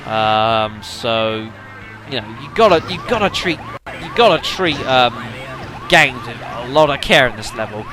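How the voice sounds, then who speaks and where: A man's voice: mid-range voice, sing-song, unhurried. A man giving casual gameplay commentary, rambling with lots of fillers and addressing the audience as folks. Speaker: let's play commentator.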